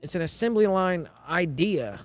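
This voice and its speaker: A man's voice: high voice, expressive, normal speed, dry recording, soft background music. A man streaming live, rambling and thinking aloud in casual talk, often repeating himself and asking if you know what he means.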